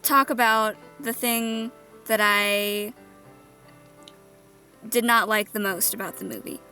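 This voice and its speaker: A woman's voice: a little high, steady tone, slow pace, pushed and bright, faint music behind. A woman co-hosting a movie review in casual chat, with dry, sarcastic remarks.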